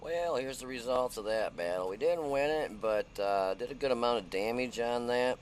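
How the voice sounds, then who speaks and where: A middle-aged man who hosts a gaming channel chats casually over a replay of his tank game, sounding folksy and peppering his talk with "uh." His voice is medium-pitched at a moderate pace, with slight background noise.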